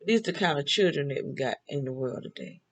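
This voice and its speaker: Older woman, gravelly voice, chatty storyteller who laughs often. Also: sits low, animated, fairly quick, rough recording. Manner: chatty, laughs often, talks back and forth with herself. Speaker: vlogger. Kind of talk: casual storytelling monologue.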